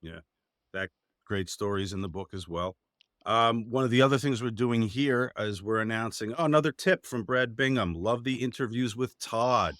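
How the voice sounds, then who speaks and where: A man hosting an interview, speaking haltingly with fillers and restarts. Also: fairly low pitch, fairly bright tone, no room sound, studio quality. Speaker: interviewer, book co-author. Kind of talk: conversational interview.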